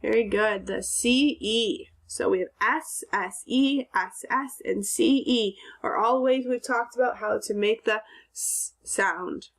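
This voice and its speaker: A woman teacher with a fairly high voice gives a recorded phonics lesson to second graders. She sounds out words clearly and answers her own questions.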